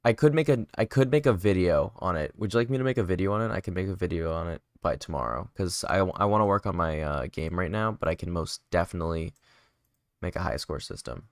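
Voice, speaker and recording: Low-voiced tired game-dev streamer man. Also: fast, dry recording, studio quality. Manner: chatty, answers viewer questions while working. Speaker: game developer livestreaming. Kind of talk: casual livestream chat and coding explanation.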